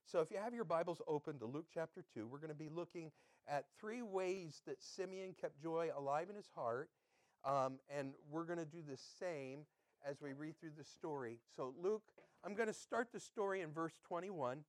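A man with a fairly high voice delivers a relaxed, conversational sermon. He quizzes his congregation and drifts into chatty asides. The sound is dry and close. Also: normal speed, no room sound. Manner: conversational, quizzing listeners with quotes. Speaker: pastor.

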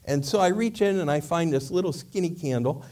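A man's voice: a little high, brisk. A male preacher telling a parable in a sermon, acting out every part of the dialogue. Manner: animated storyteller acting out dialogue. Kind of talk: sermon storytelling. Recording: voice a bit far from the mic.

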